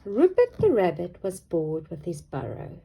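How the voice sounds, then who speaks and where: A woman's voice: on the low side, sing-song, unhurried, gravelly, warm tone, slightly rough. A woman reading a children's picture book aloud, playful and chatty with her young listeners. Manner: playful, mixing in chat to children. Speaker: storyteller.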